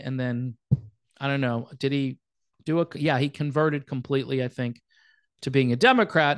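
A man's voice: on the high side, dry recording. A man hosting a casual commentary show, talking in a sarcastic, mocking way. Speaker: host.

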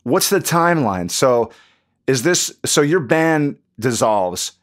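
A man with an average-pitched voice hosts a casual podcast. He cuts in to pin down details before steering the talk to a new topic. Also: very animated, slow pace. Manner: jumps in to ask questions and pin down details. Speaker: podcast host. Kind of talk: casual chat.

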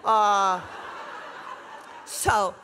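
A woman in her forties giving a comedic speech at a gala, wry and self-deprecating, with lively delivery. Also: mid-range voice, extremely slow, big-room sound, slight background noise. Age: 40s. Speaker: speaker. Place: large hotel ballroom on stage.

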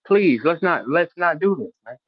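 A brash middle-aged man hosting, throwing out repetitive trash talk in a slightly high voice. The recording is dull and lo-fi, with a dry, close sound. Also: expressive, moderate pace, husky, dry recording. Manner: brash, repetitive, calling out a rival. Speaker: host. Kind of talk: animated trash talk in a casual interview.

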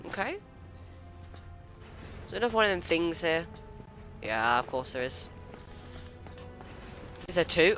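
Excitable man playing a game, bright voice. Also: on the high side, measured pace, pauses often, soft background music. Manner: excitable, squeals and swears when startled. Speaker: let's play gamer. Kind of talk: casual gameplay commentary.

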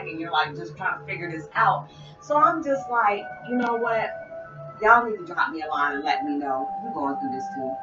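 A woman's voice: low voice, reverberant, far from the mic. Woman vlogger, casual spiritual chat, rambling and repetitive, dull lo-fi sound, music behind. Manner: rambling, repeats phrases, addresses viewers directly. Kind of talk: casual spiritual talk to viewers. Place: at home, listening to music. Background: music playing.

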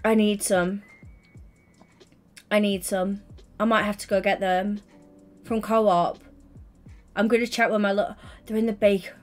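Faint music plays behind a young woman with a medium-pitched voice and flat delivery, chatting casually to her livestream audience on a headset mic. She comes across as giddy, bubbly and chatty with quick asides to chat, though tired and yawning.

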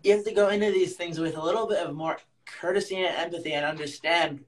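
A man co-hosting a casual podcast chat, teasing and telling stories with halting restarts. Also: fairly high pitch, fairly even intonation. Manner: teasing, acts out anecdotes with hesitant restarts. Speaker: podcast co-host.

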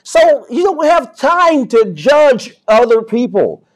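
High-pitched lively male preacher. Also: takes it slowly. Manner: preaching with big swings from soft to loud; repeats words and restarts often. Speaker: pastor. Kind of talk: sermon.

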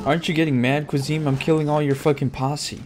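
A man commentating as he plays a video game, cursing and trash-talking the enemies, with sudden loud outbursts. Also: a little high, a little fast. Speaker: gameplay commentator. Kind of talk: let's-play commentary. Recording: steady background noise.

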